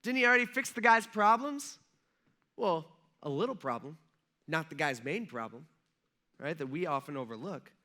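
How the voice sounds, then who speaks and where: Male church pastor, relaxed storytelling sermon, high ringing voice. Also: moderate pace, pauses often. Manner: loose storytelling, retelling scripture in everyday talk with many "like"s. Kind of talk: casual conversational sermon.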